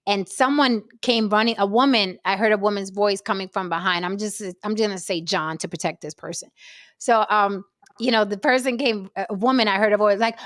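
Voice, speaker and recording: A woman co-hosting a podcast, telling stories in a brash, profane, animated way. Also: mid-range voice, moderate pace, dry recording, studio quality. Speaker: podcast co-host. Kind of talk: casual podcast chat.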